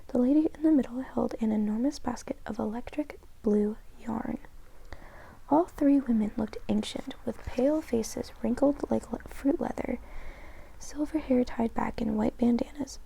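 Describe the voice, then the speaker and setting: A woman reading a story aloud in a slow, hushed whispered role-play meant for sleep. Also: a little high, vocal fry, slightly rough, low-quality recording. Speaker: ASMR storyteller.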